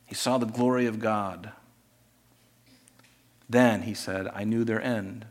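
A man preaching a sermon, animated, swinging between loud emphasis and quiet asides. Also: medium pitch, takes it slowly, pauses often. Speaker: pastor.

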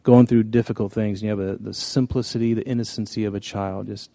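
A man's voice: fairly low pitch, steady tone, fast talker, creaky, warm tone, no room sound. A man preaching a conversational sermon, telling stories in a folksy way with frequent restarts. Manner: folksy, storytelling, many restarts. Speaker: pastor.

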